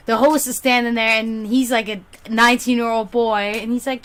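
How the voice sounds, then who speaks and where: A woman's voice: fairly even intonation, clear, resonant tone. A woman with a German accent carrying a slight Slavic touch, a native German speaker, chatting bubbly and casually as a psychic reader hosting a livestream. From half German, half Serbian. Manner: chatty, bubbly, quick swings in pitch and loudness.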